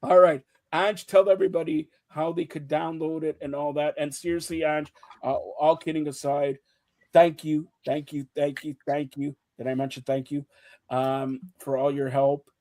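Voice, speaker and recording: A man hosting a casual sports talk show, loud and teasing, joking with his co-hosts. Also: a little high, flat delivery, normal speed, no room sound. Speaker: show host.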